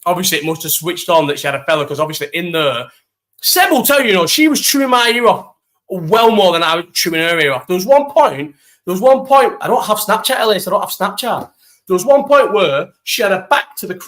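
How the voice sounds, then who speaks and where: A young man telling an animated, swear-filled story while chatting to a live stream audience. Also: high-pitched, brisk. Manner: animated, swears freely, talks to live chat. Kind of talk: casual storytelling chat.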